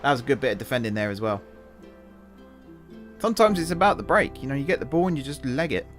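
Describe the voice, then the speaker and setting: A young man calls the action of a football management game in an easy, chatty way, drifting into asides about tactics as he goes. His voice sits at an ordinary middle pitch. Game music plays clearly under him throughout. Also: expressive, fast talker. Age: young adult. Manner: chatty, muses aloud and shifts between match calls and asides. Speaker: gaming YouTuber and streamer. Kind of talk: relaxed live commentary over a football management game.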